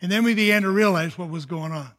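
Telling his testimony, an elderly pastor speaks in a distinctly high voice whose tone is fairly bright. His account is sincere and simple in the manner of a sermon, though he hesitates, restarts, and leans on fillers.

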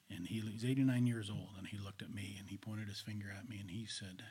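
A male preacher delivers a storytelling sermon in a husky voice. He moves between raised, energetic telling and hushed whispers. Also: on the low side, a little fast.

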